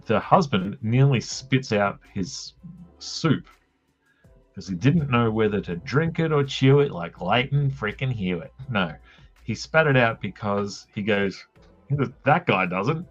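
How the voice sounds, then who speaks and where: A rambling Australian man with a low voice tells a crude, jokey story while he draws on a live stream. The audio is dull and lo-fi, with faint music underneath. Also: expressive, slow pace. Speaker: comic artist streaming. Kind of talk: casual storytelling while drawing.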